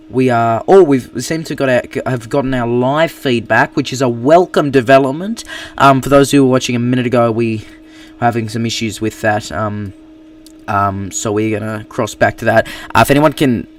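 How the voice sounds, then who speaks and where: A man's voice: medium pitch, steady tone. Australian male anchor, improvised live-stream news, stop-start delivery, distant mic. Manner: halting, many fillers and restarts.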